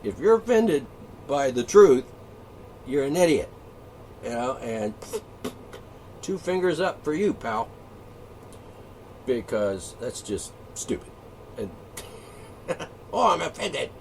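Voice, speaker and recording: A man's voice: medium pitch, very animated, takes it slowly, pauses often, dark tone. A man hosting his own monologue channel, ranting in a profane, combative and mocking way. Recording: distant mic, faint background noise.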